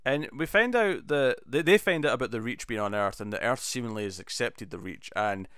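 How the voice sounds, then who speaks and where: A man co-hosting a podcast, chatting animatedly and acting out scenes in quick bursts. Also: medium pitch, animated, a bit bright, clear, resonant tone, no room sound, clean studio sound. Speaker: podcast co-host. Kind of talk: casual chat.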